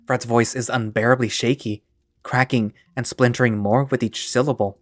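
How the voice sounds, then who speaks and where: A man narrates an audio drama in the second person with a steady, descriptive delivery. His voice sits at a middling pitch, recorded dry with faint music behind him. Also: normal speed, dry recording.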